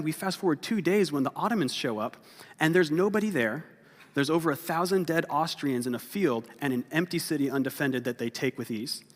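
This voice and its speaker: Pastor man joking through a sermon. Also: a little high. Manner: animated, jokey storyteller acting out voices. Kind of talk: sermon with humorous storytelling. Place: church sanctuary. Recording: long hall reverb.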